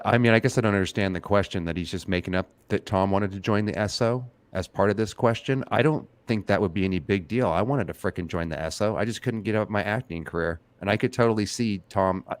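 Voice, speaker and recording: A man's voice: on the low side, fast, no echo. A man hosting a casual livestream chat, talking bluntly and swearing freely. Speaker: host.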